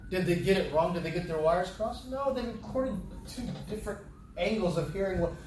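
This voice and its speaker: A man's voice: high voice, fairly quick, a little mellow, slight background noise. A man preaching a sermon, reading scripture aloud and repeating key phrases for emphasis. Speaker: pastor. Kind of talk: sermon, Bible teaching. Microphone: camera from a distance. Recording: echoey hall, voice from a distance.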